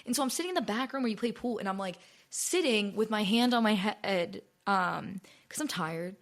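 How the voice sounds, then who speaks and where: A young woman rambles through a story on her home podcast mic. Her talk is loose and chatty, packed with "like" and casual swearing. Her voice sits at an ordinary middle pitch. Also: animated, moderate pace. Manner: chatty, rambling, swears often, heavy use of "like". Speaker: podcast host.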